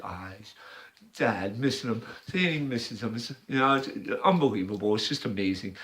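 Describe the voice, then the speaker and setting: A man's voice: medium pitch, fairly bright tone. A man rambling in a casual monologue, describing a picture with hesitant, repetitive restarts. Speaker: video maker.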